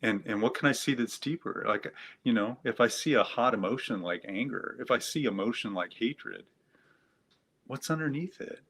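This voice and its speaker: A man, a guest psychotherapist, talking gently and reflectively in an interview, asking himself questions and using many fillers. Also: medium pitch, animated, normal speed, slightly rough.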